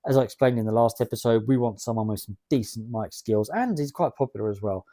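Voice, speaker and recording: Mellow-voiced man narrating a wrestling game. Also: medium pitch, fast talker, dry recording. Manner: chatty, rambling, reads out game text. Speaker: gaming video host. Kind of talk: let's-play commentary.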